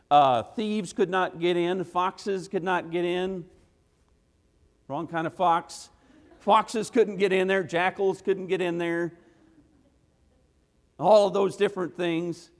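A man preaching an evening church sermon in a folksy, emphatic way, firing off rhetorical questions and punctuating his points with "hey.". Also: a little high. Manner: folksy, drops into "gotta" and "ain't". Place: church sanctuary. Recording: long reverb of a church hall.

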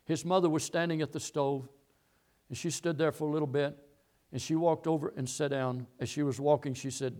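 A man's voice: a little high, steady tone, a little fast, darkish tone. A middle-aged man preaching a sermon, telling a long story and repeating key phrases as he goes. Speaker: pastor.

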